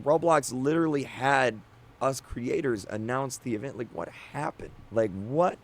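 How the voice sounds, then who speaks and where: A man's voice: mid-range voice, moderate pace. A young man, a game creator, giving a frustrated, emotional rant that is full of restarts and stammers. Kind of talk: on-camera rant.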